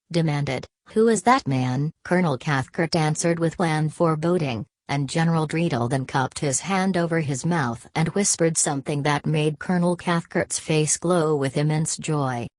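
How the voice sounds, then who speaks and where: Female audiobook narrator, low and steady, dry booth sound. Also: no room sound.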